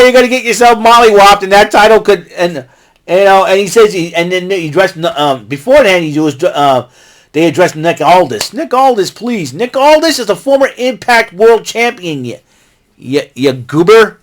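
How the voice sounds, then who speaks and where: An American man hosting his own vlog, giving an excitable, rambling recap full of asides and restarts. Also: sits high, moderate pace. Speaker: vlog host recapping wrestling.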